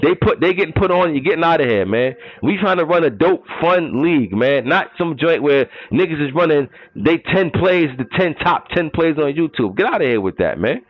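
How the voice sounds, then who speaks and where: A man's voice: fairly high pitch, animated, moderate pace, hardly any pauses, dry recording, muffled recording. A man, running a gaming league, delivering an emphatic ranting monologue full of street slang and mocking rhetorical questions.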